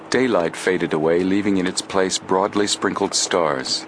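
A man narrating an adventure audiobook in a steady, measured storytelling voice. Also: low voice, slight background noise. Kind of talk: scripted narration.

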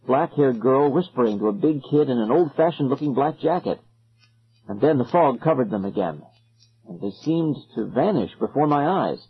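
A man narrating a story in an expressive, suspenseful way, on a dull lo-fi recording. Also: mid-range voice, husky. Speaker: audiobook narrator.

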